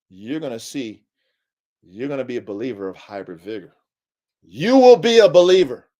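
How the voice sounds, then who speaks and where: A man's voice: mid-range voice, a little mellow. A man hosting a livestream podcast, lecturing his listeners in an emphatic, preachy way, repeating himself and using casual slang. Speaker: podcast host.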